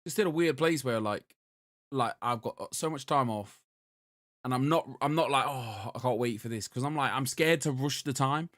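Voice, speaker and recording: A man's voice: mid-range voice, normal speed, fairly bright tone, dry recording, studio quality. A man with a northern English accent co-hosting a podcast, rambling through a story with restarts and swearing. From northern England. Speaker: podcast co-host. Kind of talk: casual chat.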